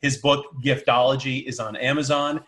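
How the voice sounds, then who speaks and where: A man hosts an interview show, keen and upbeat as he closes the episode. His voice sits at a middle pitch. He reads out links and thanks his guest. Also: little pitch movement, moderate pace, a bit bright. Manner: enthusiastic, wrapping up with plugs. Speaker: host. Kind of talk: interview podcast.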